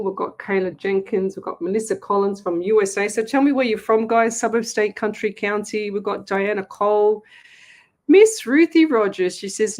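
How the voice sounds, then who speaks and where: A woman's voice: mid-range voice, darkish tone. A middle-aged woman, a psychic medium, chatting casually with viewers on a live stream from home, laughing often. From Australia. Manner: chatty, laughs often, talks to her pets. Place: at home at a desk with a camera.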